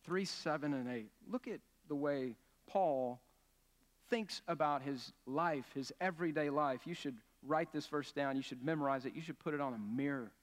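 This pastor has a slightly higher voice and preaches at normal speed, earnest and emphatic, often questioning his congregation. A long reverb tail from the church sanctuary follows his words.

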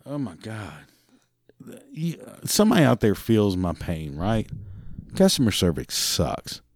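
A man's voice: fairly low pitch, wildly swooping pitch, unhurried, darkish tone, no echo. A man who works a parts counter, ranting profanely about customer service calls and mimicking the callers. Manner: drinks beer while talking. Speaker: parts department worker. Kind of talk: ranting monologue.

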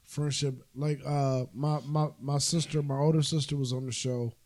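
A man's voice: mid-range voice, level tone, normal speed, a little mellow. A man co-hosting a casual podcast chat, blunt and profane, laughing easily. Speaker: podcast co-host.

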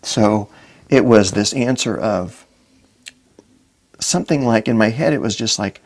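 Brief: low-pitched middle-aged man, podcast guest, earnest storyteller who acts out dialogue. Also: a little slow, long pauses, a little mellow. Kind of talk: personal story in a podcast interview.

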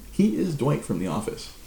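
Gravelly man spinning a rambling story. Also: fairly high pitch, echoey room, a little hiss or hum. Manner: rambling, frequent restarts, laughs, lively. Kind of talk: casual storytelling to a live chat.

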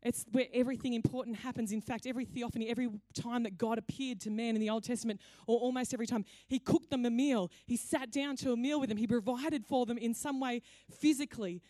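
A woman pastor preaches in a conversational, playful storytelling way. Her voice sits fairly high. The sound is dry and close. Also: fairly even intonation, fast, hardly any pauses, mellow, no echo. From Australia. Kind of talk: sermon.

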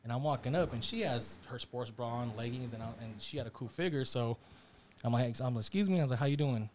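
A young man telling a story in casual chat, animated and slangy, acting out the quotes. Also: mid-range voice, fast talker, a little hiss or hum. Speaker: storyteller on a podcast.

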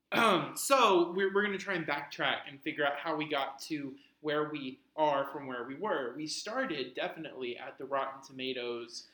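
A man co-hosting a podcast, chiming in with teasing questions and quick remarks. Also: fairly high pitch, bright, forceful tone, reverberant, rough recording. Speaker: podcast co-host. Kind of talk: casual podcast chat.

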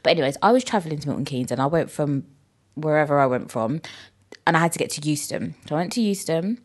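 A young woman telling stories casually on a podcast, animated and full of "like" and swearing. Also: quick pace. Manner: chatty, animated, frequent "like" and swearing; acts out quoted people in high squeaky voices. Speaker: podcast host. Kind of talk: casual storytelling chat.

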